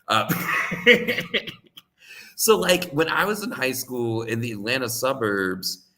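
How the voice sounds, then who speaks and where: A man's voice: medium pitch, sing-song, slow pace, bright, forceful tone, slight background noise. A man telling a casual story, rambling with lots of "like" fillers and frequent laughs. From United States. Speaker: co-host.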